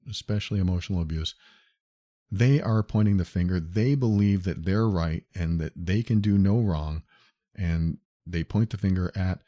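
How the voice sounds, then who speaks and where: A man's voice: on the low side, warm tone, dry recording, clean studio sound. A man hosting a solo podcast, talking earnestly and directly to the listener as he explains. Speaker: podcast host.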